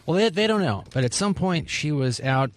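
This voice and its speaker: A man reading a light news story on a radio show in a calm, matter-of-fact way. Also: a little high, moderate pace. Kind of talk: casual news segment.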